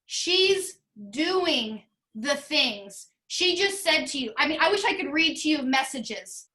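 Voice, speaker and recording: A woman leading a motivational team call over video, earnest and emotional, talking in quick bursts. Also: high-pitched, lively intonation, sharp tone. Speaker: sales team leader.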